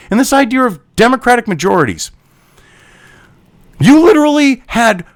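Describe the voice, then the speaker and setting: Man, angry profane rant, high voice with wild swings in pitch, dry close sound. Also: no room sound. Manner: profane, sarcastic, shouting insults. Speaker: commentary host. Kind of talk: angry political rant reacting to an article.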